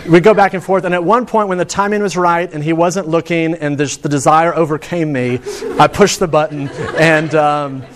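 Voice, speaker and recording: He speaks at normal speed in a fairly high, steady voice. The sermon has a chatty storytelling feel, with frequent restarts and emphasis that climbs as he drives toward each point.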